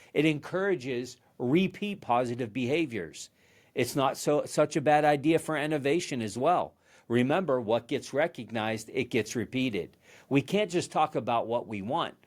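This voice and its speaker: A man hosting a podcast, giving a motivational leadership talk in an earnest storytelling manner, often restarting and repeating words. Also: mid-range voice. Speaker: podcast host.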